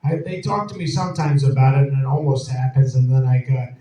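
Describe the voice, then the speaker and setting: With a dark tone and medium pitch, a man speaks fairly quickly as he rambles through laughing stories for a live event-hall crowd. He's an actor guest at a Q&A, storytelling casually on stage. The recording sounds far off, echoey and dull.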